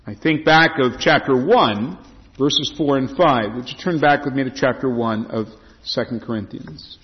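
Reading scripture and unpacking it for listeners, this male pastor preaches with emphasis that swings lively up and down. He speaks at medium pitch and normal speed, captured in dull, lo-fi sound with hall reverb.

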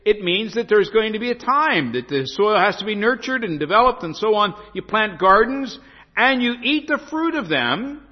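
A man with a high, lively voice delivers a sermon, moving between storytelling and slow, emphatic scripture reading. His voice rises and falls widely. The sound is dull and carries a long church-hall reverb. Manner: storytelling preacher, reads scripture slowly and emphatically. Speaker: pastor.

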